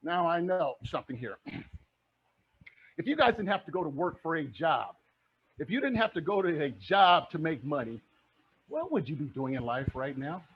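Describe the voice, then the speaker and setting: A middle-aged man teaching to camera as a coach, energetic and rallying, firing questions at his audience. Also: on the high side, normal speed, long pauses, husky. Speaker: real estate coach. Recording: dull lo-fi recording.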